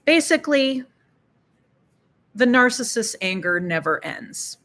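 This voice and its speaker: A woman's voice: fairly high pitch, sing-song, slow pace, a bit bright. A middle-aged woman, a psychologist hosting an educational talk, explaining with dry, sardonic asides. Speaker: psychologist and channel host.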